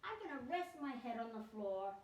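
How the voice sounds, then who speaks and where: A woman's voice: fairly high pitch, sing-song, a little fast, a little mellow, a little hiss or hum. A woman leading a children's yoga class, giving cheerful step-by-step instructions. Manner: encouraging, sing-song instructions with animal sounds. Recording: echoey room, voice from a distance.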